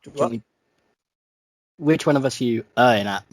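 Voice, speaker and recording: Young welsh bloke on a podcast call, jokey, laughs a lot, dry sound. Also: male voice, mid-range voice, brisk, no echo. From Wales. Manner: joking, laughs often. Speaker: podcast co-host. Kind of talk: casual chat.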